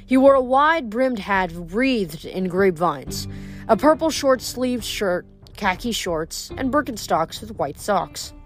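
A woman reading a novel aloud in an expressive storytelling manner. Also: medium pitch, measured pace, soft background music. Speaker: reader.

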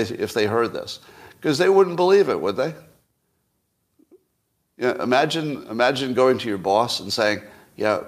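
Guy doing solo political commentary on his podcast, wry and skeptical, keeps asking rhetorical questions and chuckling dryly. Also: mid-range voice. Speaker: podcast host.

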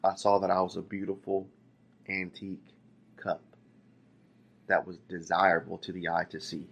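A man's voice: low-pitched, little pitch movement, moderate pace, creaky, fairly bright tone, exaggerated voice. A man voicing a talking antique teacup that recounts, in the first person, being shaped by a potter, in a plain preaching voice. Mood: recounting. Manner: pleading storytelling in first person. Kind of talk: sermon illustration.

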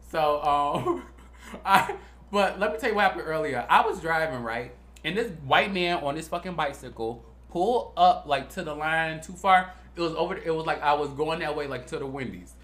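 A young man co-hosting a podcast, chatting casually and telling profane, animated stories. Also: a little high, moderate pace, roomy sound. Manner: animated storytelling, profane and playful. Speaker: podcast co-host.

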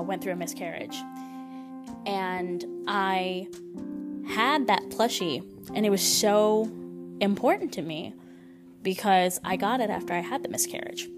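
Woman, podcast host, gentle and encouraging, mid pitch, music bed behind. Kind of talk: solo spiritual podcast talk. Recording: voice over clear background music. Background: instrumental music.

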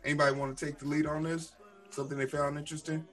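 A man's voice: on the high side, little pitch movement, rapid-fire, a bit bright, soft background music. A man hosting a casual book club podcast, joking and teasing his friends while tired after a long shift.

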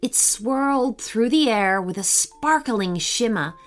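A woman tells a children's story in a slow, unhurried reading. Her voice is bright-pitched and swings widely as she acts out each character. Gentle music plays underneath. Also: expressive.

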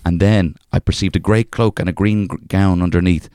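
A young man with a very low voice reads an old folk tale aloud. He does it in a thick storyteller's brogue, stopping now and then for a wry aside. The sound is close and dry. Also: fairly even intonation, fairly quick, warm tone, smooth, dry recording. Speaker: podcast co-host reading a folk tale. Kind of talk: casual podcast chat with dramatic reading.

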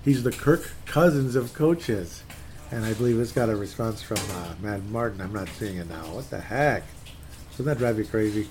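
A man's voice: fairly low pitch, lively intonation, moderate pace, a little mellow, a little hiss or hum. A man ranting in a casual, rambling way about his team's game, reading posts aloud and sounding fed up. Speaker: sports fan commentator. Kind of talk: casual solo sports rant.

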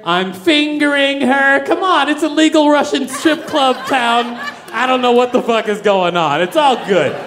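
A young man doing stand-up, telling a wild story with lots of profanity and animated delivery. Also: very high voice, slight background noise. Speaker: stand-up comedian.

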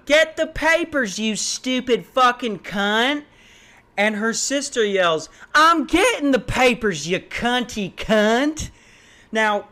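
A man ranting on his own podcast from home, his voice pitched a touch high with a bright, forceful edge. He tells a long story loosely and heatedly, full of swearing. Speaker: podcast host. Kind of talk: casual solo podcast rant. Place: his apartment.

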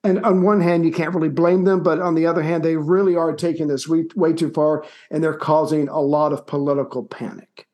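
A man co-hosting a history podcast, telling stories in a loose, animated way and swearing casually. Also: on the high side, brisk, hardly any pauses. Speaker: co-host.

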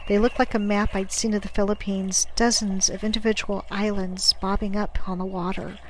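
A woman reading a first-person audiobook narration in a measured, dramatic way, dropping to a hush at tense moments. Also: mid-range voice, little pitch movement, slight background noise, low-quality recording.

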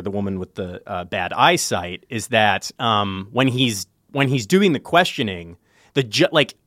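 A man co-hosting a casual film discussion, animated and heavy with fillers. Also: medium pitch, no room sound, studio quality. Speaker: podcast co-host.

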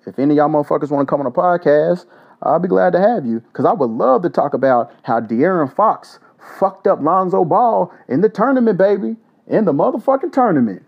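A man's voice: high-pitched, lively intonation, fairly quick, gravelly. Guy running a podcast, cussing and joking, voice jumping all over, kinda muffled lo-fi sound. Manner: profane, blunt, joking shout-outs. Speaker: podcast host. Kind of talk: casual solo podcast. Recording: dull lo-fi audio.

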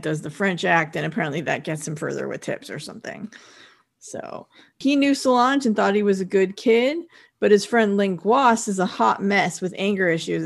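A woman co-hosting a podcast, recapping a TV episode in relaxed, chatty storytelling. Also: mid-range voice, creaky. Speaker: podcast co-host. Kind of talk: casual chat recapping a TV episode.

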